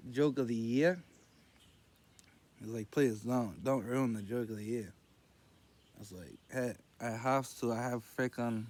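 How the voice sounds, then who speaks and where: A man telling rambling jokes in casual storytelling, meandering and loose as he quotes others in a low murmur. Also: a little mellow.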